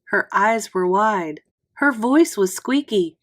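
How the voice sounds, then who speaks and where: A woman reading a children's chapter book aloud in an expressive, unhurried storytelling manner. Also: mid-range voice.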